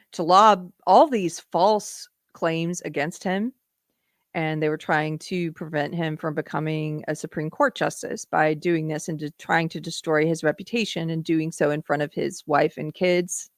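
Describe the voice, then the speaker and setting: A woman hosting a live political stream, her voice sitting a little low for a woman. She talks in an emphatic, opinionated way and thanks viewers for their donations. The sound is close and dry, with no room in it. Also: dry recording. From South Carolina. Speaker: host of a live political show.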